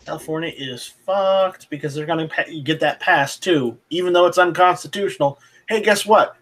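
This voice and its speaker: A man's voice: a little high, normal speed, a bit bright. A man on a casual podcast, speaking sarcastically.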